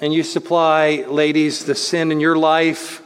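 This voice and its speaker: A man's voice: a little high, monotone, clear, resonant tone. Preaching man in a reverberant hall. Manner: earnest preaching, slows to stress words, speeds up voicing others. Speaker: pastor. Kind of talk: sermon.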